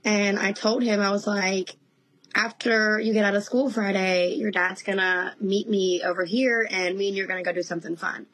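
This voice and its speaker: A woman in her thirties, a guest in a casual interview, telling animated stories and laughing often. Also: mid-range voice, moderate pace, rough recording.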